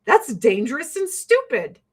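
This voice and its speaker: Woman host, middle-aged, from the US, fairly high voice, exasperated and blunt. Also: huge pitch swings, measured pace, slightly rough. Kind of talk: casual opinion rant.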